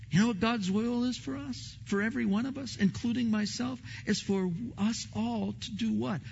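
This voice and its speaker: A man preaching a sermon as pastor, emphatic, often repeating words and swinging between loud and soft. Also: very high-pitched, fairly even intonation, moderate pace, gravelly, hardly any pauses, slight background noise. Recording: long hall reverb, dull lo-fi sound.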